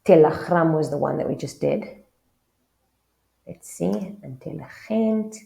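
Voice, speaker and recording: A woman's voice: low voice, unhurried, creaky, warm tone, roomy sound. A South African woman with a South African English accent, teaching a casual online language lesson and often checking in with the viewer.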